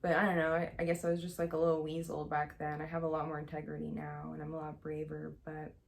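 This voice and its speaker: Chatty young woman with a gravelly edge. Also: sits low, monotone, fast talker. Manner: chatty, heavy use of "like" and "um", candid. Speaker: vlogger. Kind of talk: casual storytelling to camera.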